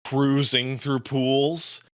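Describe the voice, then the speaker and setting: A man in his late thirties co-hosting a podcast, making his points emphatically and swearing. His voice is strongly bright and forward, and his pitch sits in the middle for a man. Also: little pitch movement, drawn-out words, smooth. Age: 30s. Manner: emphatic, swears, trails off mid-thought. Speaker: podcast co-host. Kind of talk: casual banter.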